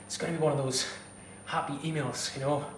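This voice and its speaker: A man's voice: a little high, fairly even intonation, quick pace, echoey room, far from the mic, noisy background. A fitness instructor talking straight to camera, heated and blunt, swearing as he gives advice. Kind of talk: direct-to-camera advice vlog.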